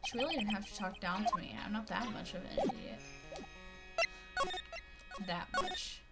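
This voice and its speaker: A woman's voice: medium pitch, normal speed, loud music behind the voice. Wry woman reading game dialogue. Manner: wry, deadpan inner monologue. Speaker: let's-play narrator.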